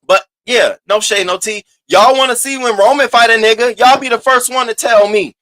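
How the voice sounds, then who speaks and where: A man hosting a casual gossip commentary, animated and profane, swinging between loud outbursts and low asides. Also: dry recording. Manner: sassy, drawn-out emphasis. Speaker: host of a commentary channel.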